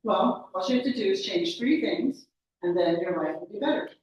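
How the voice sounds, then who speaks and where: Woman voicing a gruff, impatient phone coach, clipped and pushy; distant, echoey room sound. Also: medium pitch, animated, darkish tone, highs cut off, a little hiss or hum, lightly acted. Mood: brisk. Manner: curt, impatient, rapid-fire questions.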